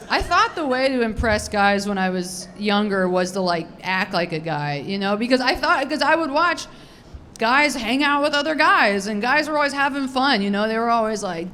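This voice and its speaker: A young woman doing a stand-up comedy set, crude and unfiltered, rambling with lots of "dude" and "like", her voice a little raspy. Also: on the high side, normal speed, noisy background. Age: young adult.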